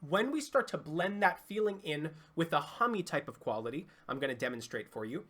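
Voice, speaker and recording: A singing coach giving an online vocal lesson, explaining clearly and demonstrating sounds. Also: medium pitch, sing-song, a little fast, fairly bright tone.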